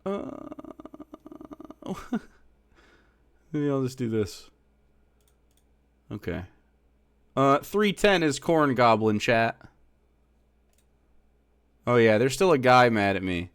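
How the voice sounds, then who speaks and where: Sarcastic streamer man, lively slow voice. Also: mid-range voice, clean tone, dry recording, clean studio sound. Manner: sarcastic, mocking, arguing with chat. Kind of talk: casual live-stream chat.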